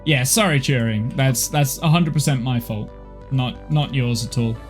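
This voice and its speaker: A man's voice: mid-range voice, normal speed. Male streamer, tired, chatty and apologetic, rambling with restarts, music faintly in the background. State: tired, overheated. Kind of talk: casual live-stream gaming chat. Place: home office.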